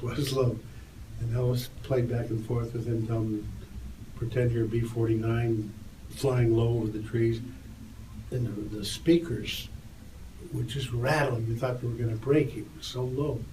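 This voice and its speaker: An older man tells a story with lively energy and lifts his voice for the quoted lines. He sounds set back from the mic in an echoey room. There is a faint hum of ambience behind him. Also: mid-range voice, recorded from a distance. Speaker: interview guest, tour photographer. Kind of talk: animated anecdote storytelling.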